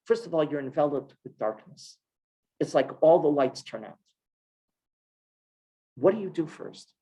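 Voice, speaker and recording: A rabbi giving a Torah class to a group of women, talking with emphatic rhetorical questions and repeated stresses. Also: male voice, a little high, sing-song, unhurried, warm tone, rough recording.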